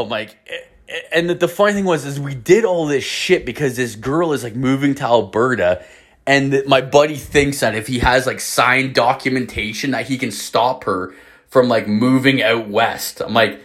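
A man from Canada hosts his own podcast and tells a story in a loose, swear-laden ramble, often stopping to restart a sentence. His voice sits at an ordinary male pitch. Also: normal speed, a bit bright. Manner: rambling, heavily profane, hedges with "like". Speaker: podcast host.

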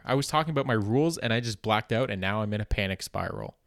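Young guy rambling on his podcast, lowish voice, dry deadpan jokes, no room sound. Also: quick pace, gravelly, dry recording. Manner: dry, self-deprecating rambling. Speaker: podcast host. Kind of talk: comedic solo podcast monologue.

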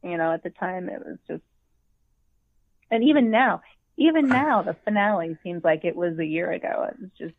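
A woman's voice: on the low side, fairly even intonation, fast talker, creaky, few pauses, no room sound. A chatty woman telling a story with plenty of animation, acting out her own reactions as she goes. Her voice comes through a thin, tinny, phone-like line. The sound is dry and close. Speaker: podcast co-host. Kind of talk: casual fan chat.

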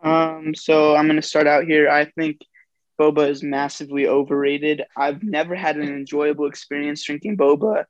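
A man's voice: on the high side, steady tone, moderate pace, dry recording. A young student, hesitant and full of fillers, giving his opinion in casual podcast chat. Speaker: podcast co-host. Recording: dull lo-fi mic.

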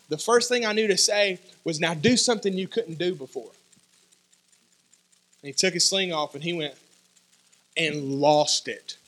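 A man preaching a sermon as pastor, telling personal stories in an animated way and acting out the dialogue. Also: fairly high pitch. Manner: animated storytelling, acts out dialogue, sudden loud shouts.

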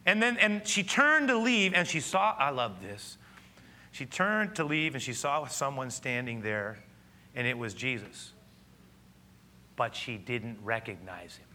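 Preaching at a slightly slow pace in a mid-range voice, a male pastor recounts the story with lively delivery. Now and then he lowers to a hushed, intimate tone.

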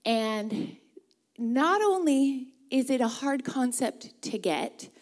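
A woman's voice: high-pitched, expressive, takes it slowly. A woman from the Pacific Northwest preaching a sermon, earnest and leading the congregation in reading along. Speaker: guest preacher.

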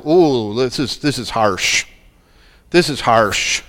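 A man's voice: on the high side, very animated, slow pace, bright, forceful tone, long reverb tail. A man preaching a sermon, dramatic and full of rhetorical questions. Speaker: pastor.

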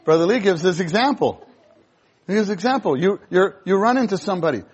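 A male preacher giving a sermon, animated, acting out scenes in voices. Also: high voice, brisk, slightly rough, muffled recording.

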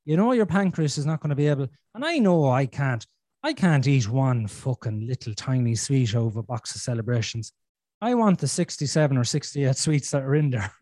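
A man's voice: mid-range voice, expressive, fairly quick, a little mellow, no room sound. A man, hosting a casual podcast conversation, blunt and sweary, acting out his own inner voices. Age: 40s. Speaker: podcast host.

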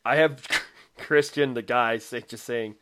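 A man's voice: medium pitch, unhurried, fairly bright tone, a little hiss or hum. A man co-hosting a podcast in casual chat, laughing often and quoting others. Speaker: podcast co-host.

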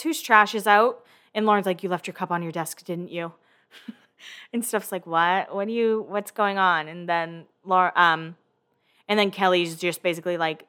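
Her voice sits in the mid-range, clear and resonant, as she casually recaps a reality show episode for her podcast. Lively throughout, she performs quotes from the cast and curses without hesitation.

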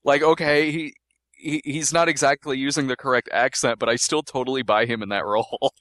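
A man's voice: mid-range voice, fairly even intonation, brisk, a bit bright, dry recording, studio quality. Giggly man co-hosting a movie chat. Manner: laughs often, hedging with likes. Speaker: podcast co-host.

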